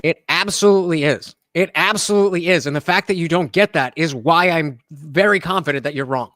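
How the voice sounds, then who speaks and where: A man's voice: fairly high pitch, fairly quick, a bit bright, dry recording, clean studio sound. A man hosting a live stream, talking casually and sarcastically, swearing and mocking others with exaggerated voices. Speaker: livestream host.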